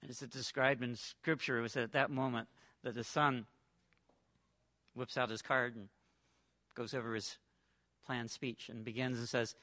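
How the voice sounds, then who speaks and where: Bright-voiced male preacher telling a story. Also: medium pitch, level tone, normal speed, pauses often. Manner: dramatic storytelling, swings from loud to hushed. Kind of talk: sermon.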